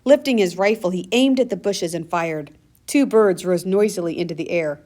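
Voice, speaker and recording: A woman's voice: fairly low pitch, normal speed, dark tone. Woman narrating a storybook. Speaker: audiobook narrator. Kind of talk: first-person storybook narration.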